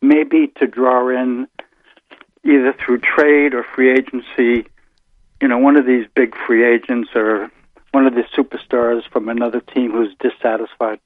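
An older man, calling in to a casual sports chat and talking in a measured, thoughtful way with hesitant restarts. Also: medium pitch, level tone. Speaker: caller, the host's father. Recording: tinny phone line.

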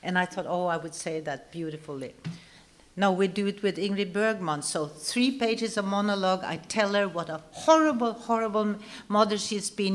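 An older actress telling a stage anecdote to an audience, acting out quoted lines and laughing often. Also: female voice, medium pitch, normal speed. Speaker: guest actress telling a story.

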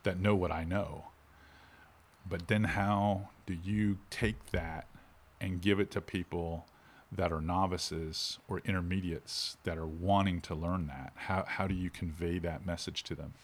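In a relaxed interview, a middle-aged man who teaches fishing talks at a measured pace with a low-pitched voice, his inflection animated and ever-changing.

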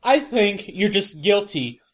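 A woman co-hosting a podcast, speaking at a mid pitch for a woman. Her manner is dry. She keeps trying to get a word in during casual banter. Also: very animated, slow, a little hiss or hum. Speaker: podcast co-host.

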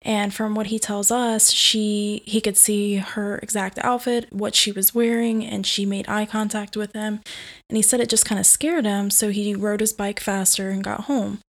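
A woman's voice: mid-range voice, level tone, normal speed. A woman telling a family ghost story in plain, earnest spoken words.

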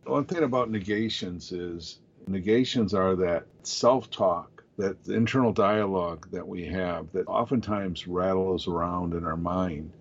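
Host, man, husky low voice, explains patiently like a coach, slightly muffled audio. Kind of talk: casual podcast conversation.

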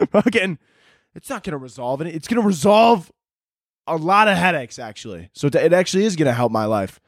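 A man's voice: fairly high pitch, big pitch swings, brisk, no echo, studio quality. A young man hosting a podcast on his own, ranting sarcastically with lots of swearing. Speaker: podcast host. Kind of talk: solo comedic rant.

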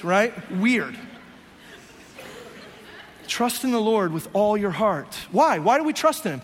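A man's voice: sits high, lively intonation, measured pace, pauses often, slight background noise. A man preaching a sermon as pastor, talking conversationally and slipping into playful voiced asides. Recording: long hall reverb.

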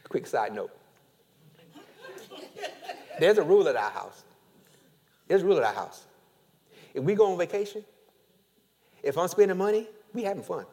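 A man preaching a sermon as pastor, animated, with call-and-response and casual storytelling asides. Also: sits high, moderate pace, long pauses.

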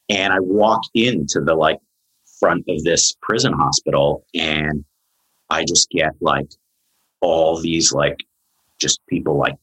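A man in his forties, a psychologist guest on a podcast, telling a long story in a lively, chatty way with lots of fillers. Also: deep voice, breathy edge, poor audio. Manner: animated storyteller, many "like" fillers.

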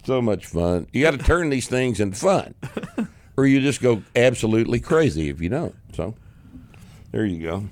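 A man's voice: medium pitch, normal speed. A man hosting a podcast, chatting casually, swearing freely and laughing as he tells stories and answers listener questions. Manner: profane, laughing, animated storyteller. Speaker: podcast host.

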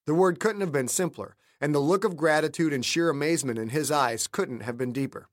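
A man narrating a thriller audiobook he wrote, in a steady, measured storytelling manner. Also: on the high side, no room sound, studio quality. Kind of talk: scripted narration.

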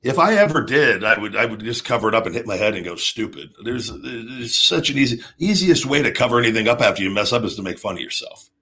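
A man's voice: medium pitch, lively intonation, fast talker, hardly any pauses, bright, forceful tone, breathy edge. A man hosting his own talk show, a pro wrestler who talks in a brash, profane way and acts out wrestling moves with rising energy. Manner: profane, brash, swears constantly. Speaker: podcast host and pro wrestler. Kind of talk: unscripted solo talk.

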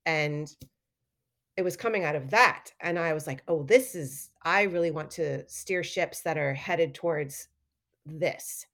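A middle-aged woman telling stories in a casual interview, animated and acting out quoted lines with laughter. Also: low-pitched, unhurried. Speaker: guest artist and educator.

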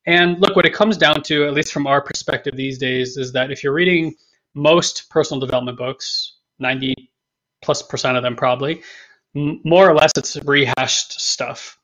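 A man's voice: fairly high pitch, moderate pace, fairly bright tone. A man co-hosting a podcast in casual talk, rambling, repeating himself and joking around. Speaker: podcast co-host. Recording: dull lo-fi sound.

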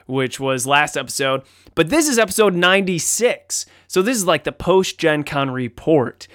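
A man's voice: high-pitched, bright, forceful tone, smooth, no echo, studio quality. A man hosting a tabletop games podcast, joking and teasing his co-host in casual banter. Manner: jokey, teasing, playful.

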